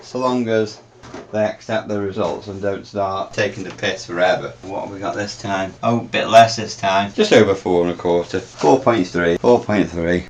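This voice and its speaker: A man's voice: deep voice, moderate pace, a little hiss or hum. A British man talking through a home science experiment, chatty and thinking aloud as he reads off measurements, and swearing freely. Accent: British English.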